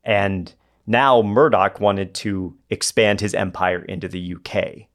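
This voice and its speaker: A man's voice: on the low side, vocal fry. A man hosting a podcast, telling a history story in a conversational way with asides to his co-hosts. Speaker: podcast host.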